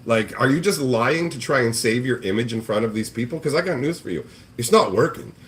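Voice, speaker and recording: A man hosts a casual livestream about card games and rants at length in a profane, exasperated tone. His pitch swoops up and down a lot as he mocks people with squeaky put-on voices. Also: expressive, brisk, slight background noise. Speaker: card game show host. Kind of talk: ranting livestream chat.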